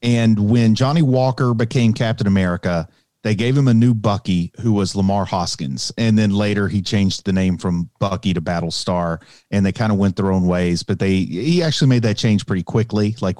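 A man's voice: on the low side, mellow, no room sound, clean studio sound. A man co-hosting a podcast, explaining things at length in casual chat. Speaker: podcast co-host.

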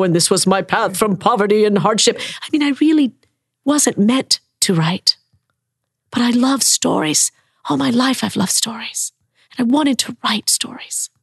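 Southern-raised woman storyteller, husky and gravelly, dry close sound, expressive with whispered asides. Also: mid-range voice, no room sound. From American South. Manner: expressive, acts out quoted voices, drops to whispers. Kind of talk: personal storytelling in conversation.

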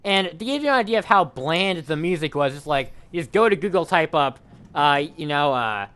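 A man with a smooth, resonant, somewhat high voice tells a long story on a casual podcast. He rambles and restarts often, piling up fillers as he goes. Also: expressive, a little fast, fairly bright tone.

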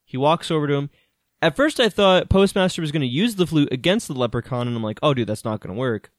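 A man co-hosting a podcast, recapping a film in animated casual chat, swearing and laughing often. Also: on the high side, quick pace, dry recording, clean studio sound. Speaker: podcast co-host.

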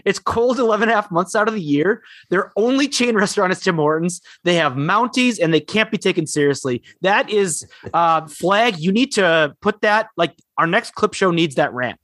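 A man's voice: high voice, expressive, a bit bright, no room sound, studio quality. Rambling, upbeat man on a podcast. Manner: rambling, enthusiastic, quick asides. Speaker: podcast co-host. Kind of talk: casual podcast chat.

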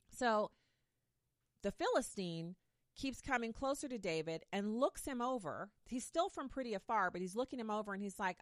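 A woman's voice: mid-range voice, animated, moderate pace, no room sound, clean studio sound. A woman casually retelling a Bible story in a playful way, with modern slang asides.

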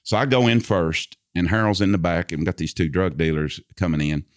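A man's voice: low-pitched, brisk, clear, resonant tone, dry recording, clean studio sound. A man telling a personal story in casual conversation. He is a vivid storyteller who recites long passages from memory.

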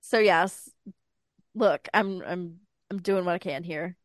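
A woman in her thirties, co-hosting a podcast, retells a life story in relaxed conversation, her smooth public-radio delivery punctuated by wry, deadpan asides. Her voice sits on the low side and moves slowly, with no room sound.

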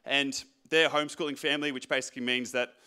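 A young man preaching a sermon, telling a story in an animated, self-mocking way. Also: medium pitch, fast, clean tone. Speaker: pastor.

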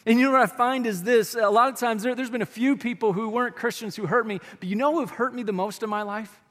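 A man with a high, bright-pitched voice preaches a sermon, speaking to his congregation in a loose, everyday way. The sound rings with a long reverb, as in a big church hall. He talks like a pastor chatting with friends rather than reciting. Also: steady tone, quick pace. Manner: conversational and colloquial, addressing the congregation directly.

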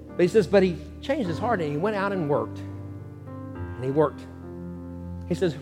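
A man's voice: high-pitched, animated. Earnest male pastor in a reverberant hall. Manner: earnest preaching cadence, phrases broken by pauses. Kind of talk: sermon with spoken prayer. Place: church sanctuary. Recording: reverberant church hall with guitar music underneath. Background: soft guitar music.

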